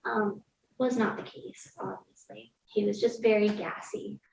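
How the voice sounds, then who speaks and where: This podcast guest is a woman with a gravelly, mid-range voice that barely moves in pitch, and she takes her time. She tells a personal story candidly and casually, full of "like," laughing through hard moments, in a distant, roomy, dull recording with faint ambience.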